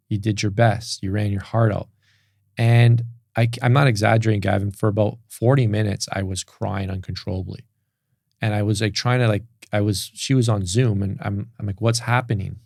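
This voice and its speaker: A man's voice: lowish voice, creaky, a little mellow, no echo, clean studio sound. A man speaking as a podcast guest, telling an emotional personal story in a candid, open way with many restarts. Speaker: podcast guest, business coach.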